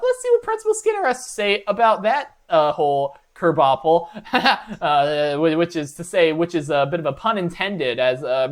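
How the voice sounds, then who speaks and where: Rambling man with a slightly high voice. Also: smooth. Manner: rambling, mock-enthusiastic, many filler uhs. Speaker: reaction video host. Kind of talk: comedic reaction commentary.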